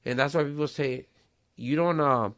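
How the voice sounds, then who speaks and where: A man's voice: a little high, moderate pace, a bit bright. Streetwise man, casual podcast chat. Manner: streetwise slang mixing in Spanish phrases, swearing freely. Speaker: podcast host.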